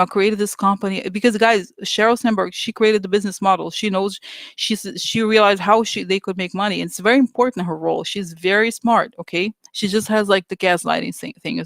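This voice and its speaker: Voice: medium pitch, a little fast, gravelly, fairly bright tone, no echo. A vlogger ranting casually and with exasperation to viewers, talking in loose runs full of fillers and restarts. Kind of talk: casual opinion rant to viewers.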